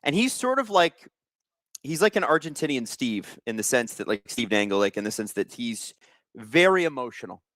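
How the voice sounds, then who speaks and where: A man's voice: mid-range voice, sing-song, moderate pace, fairly bright tone, dry recording. A young man hosting a live watch-along stream, chatting casually and reading out viewer comments with jokes. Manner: chatty, reads viewer comments aloud, joking. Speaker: livestream host.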